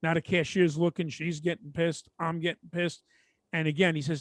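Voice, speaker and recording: A middle-aged man with a New York accent tells a story on a podcast, animated and chatty. His voice sits a little high. The sound is dry and close to the mic. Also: moderate pace, no echo. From Brooklyn, New York. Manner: animated storyteller, mimics people in quotes. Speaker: podcast co-host. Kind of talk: casual storytelling chat.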